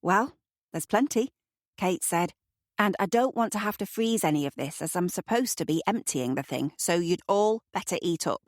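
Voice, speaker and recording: A brisk, bustling woman hosting a family dinner, her voice lowish and dry. A woman reads her in an audiobook. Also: expressive, no room sound, close to an everyday voice.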